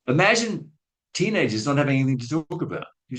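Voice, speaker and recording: A man's voice: on the high side, sing-song, moderate pace, pauses often, a bit bright, poor audio. Guy telling a classroom story on a webinar, chatty and self-mocking, acts out what people said. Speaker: guest speaker on language teaching. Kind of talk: anecdotal webinar talk.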